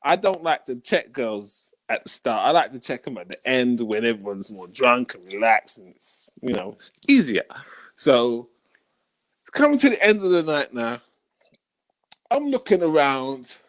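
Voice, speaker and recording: A man's voice: medium pitch, expressive, measured pace. A man performing stand-up comedy, telling a story in a casual, slangy way and often ending lines with "yeah?" or "you know?". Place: comedy gig stage.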